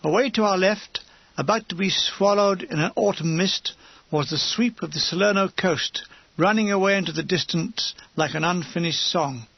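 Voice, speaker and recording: A male audiobook reader with a high, gravelly voice tells a comic war memoir with wry description. His tone is husky, and the recording is dry and dull. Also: moderate pace, no echo.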